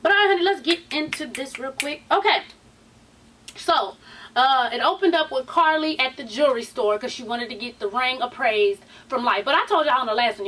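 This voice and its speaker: High-voiced woman, a sassy chatty vlog host, a little off-mic. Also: expressive, normal speed, sharp tone, far from the mic. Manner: chatty and sassy, swears freely, says "honey" and "sweeties" a lot. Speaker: YouTube TV show recap host. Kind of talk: casual reality TV recap vlog.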